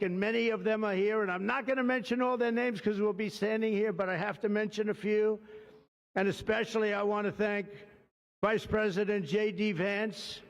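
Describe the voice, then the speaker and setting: Man rambling through a ceremonial speech. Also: high-pitched. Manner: rambling, digressive, heavy on superlatives. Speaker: political leader giving a speech. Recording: dull lo-fi sound with long hall reverb.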